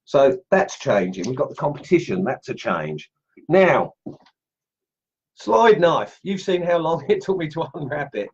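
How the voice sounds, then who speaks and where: A middle-aged Australian man hosting a casual woodcarving livestream from his home workshop, chatty and excitable, laughing as he tests knives and greets viewers. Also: fairly high pitch, measured pace, husky, dull audio. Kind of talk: casual live-stream chat, unboxing and testing knives.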